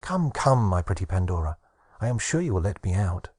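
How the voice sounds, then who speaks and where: Fairy spirit, small and sunny, coaxing and playful; a male narrator puts her on with a soft husky tone. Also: low voice, sing-song, a little fast, no room sound, clean studio sound, full character voice. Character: sweet cheerful female fairy Hope. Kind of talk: audiobook narration.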